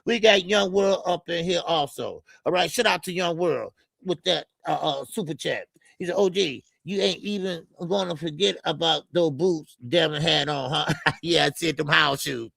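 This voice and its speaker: A man's voice: a little high, normal speed, gravelly, fairly bright tone, no echo. A man hosting a boxing live stream in a casual, rambling way, with many fillers as he reads out super chats. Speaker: boxing show host.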